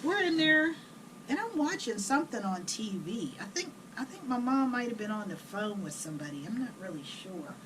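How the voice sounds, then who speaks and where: A middle-aged woman telling blunt, animated family stories while she cooks at home. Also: fairly high pitch, normal speed. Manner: blunt, chatty, animated retelling. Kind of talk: casual storytelling while cooking. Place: home kitchen. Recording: distant camera mic, noisy kitchen.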